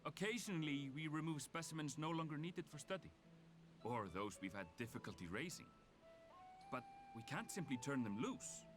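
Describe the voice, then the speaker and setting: Man plays a courteous Icelandic-accented game gleaner, higher voice, lively pitch, faint music behind. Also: moderate pace, close to an everyday voice. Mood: explaining. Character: calm male Viera gleaner, polite. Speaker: game character.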